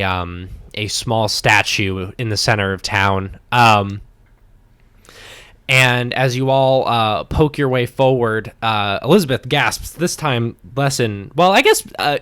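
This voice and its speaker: Guy gm narrating a tabletop game, slow, lots of ums. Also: medium pitch, fairly bright tone, clean tone. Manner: unhurried, filler-heavy narration. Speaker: game master.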